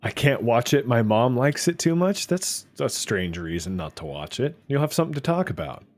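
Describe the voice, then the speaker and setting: A man's voice: medium pitch, very animated, moderate pace. A man giving casual, chatty commentary while playing a video game, often hesitant and wry. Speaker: gameplay streamer.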